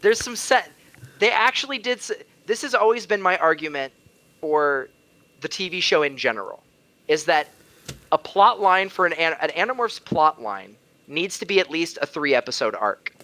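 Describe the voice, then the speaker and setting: A man with a bright, forceful voice, talking casually on a podcast. He explains his opinions at length, pushes back on the others and riffs playfully. His pitch sits a little high. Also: animated, moderate pace. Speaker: regular co-host.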